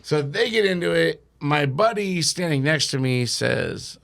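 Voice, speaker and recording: A man's voice: on the high side, animated, a little slow, gravelly, fairly bright tone. A young man telling a wild drinking story as a podcast guest, swearing and laughing through it. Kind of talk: casual storytelling.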